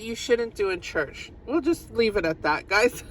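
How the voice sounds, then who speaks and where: A woman's voice: medium pitch, moderate pace, hardly any pauses, slight background noise, poor audio. A woman giving a casual tarot reading to her viewers, chatty and giggly, repeating phrases for emphasis. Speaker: tarot reader.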